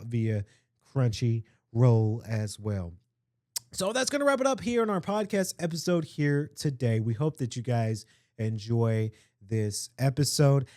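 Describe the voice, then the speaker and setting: A man's voice: medium pitch, a little mellow, dry recording, clean studio sound. A man hosting a casual solo podcast, rambling and chatty, with lots of fillers and restarts. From Atlanta area, US. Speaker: podcast host.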